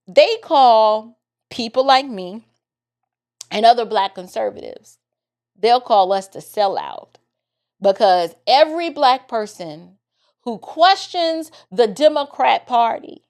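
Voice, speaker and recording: A young adult woman giving a political commentary monologue, emphatic and repetitive, with a preacher-like cadence. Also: on the high side.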